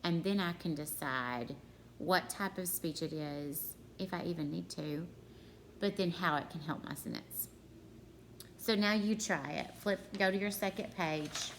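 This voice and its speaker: A woman's voice: on the low side, unhurried, fairly bright tone, slight background noise. A woman in her thirties teaching a grammar lesson to her students at home, in a chatty way that talks straight to them.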